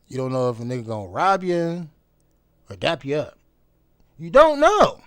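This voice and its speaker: A man vlogging in a loose, unscripted monologue, blunt and full of swearing. His voice sits at an ordinary middle pitch. He jumps from sharp, loud emphasis to low, half-muttered asides. The recording is close and dry, with no room sound. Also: animated, a little fast, no room sound. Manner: laughs between points, repeats phrases for emphasis. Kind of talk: casual profane monologue.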